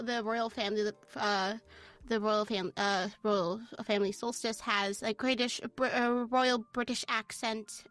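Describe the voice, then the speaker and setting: A woman's voice: a little high, bright, forceful tone. A woman game developer talking animatedly in a casual interview, laughing often and restarting her sentences. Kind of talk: casual chat.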